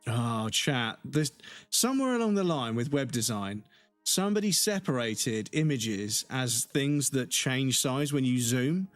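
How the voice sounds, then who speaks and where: A man's voice: mid-range voice, lively intonation, moderate pace, no echo, soft background music. A man streaming himself playing a video game, chatting casually, swearing freely, laughing often and drifting into rambling asides. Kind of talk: casual gameplay livestream chat.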